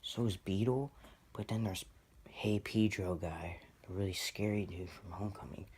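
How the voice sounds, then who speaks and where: A man vlogging about his toy collection, rambling and excitable, poking fun at his own spending. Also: low-pitched, moderate pace, a little hiss or hum. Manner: excitable, rambling, self-mocking. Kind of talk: casual rambling vlog.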